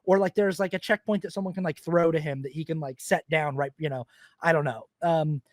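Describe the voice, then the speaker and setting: Male podcast co-host, rambling casual film chatter, higher voice, dry recording. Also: fairly quick, dry recording. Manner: chatty, rambling, lots of "like" and laughs. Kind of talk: casual film review chat.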